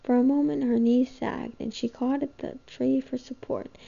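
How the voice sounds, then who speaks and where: A woman reading a novel aloud with a gravelly voice, steady and even. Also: high voice, moderate pace. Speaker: reader. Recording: dull lo-fi home recording.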